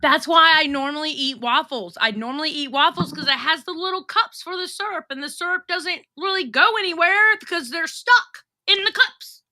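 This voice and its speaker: A woman's voice: extremely high pitch, moderate pace, few pauses, sharp tone, no room sound, studio quality. A woman co-hosting a casual livestream, bubbly and playful, chatting while she eats. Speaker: livestream co-host. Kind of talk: casual chat.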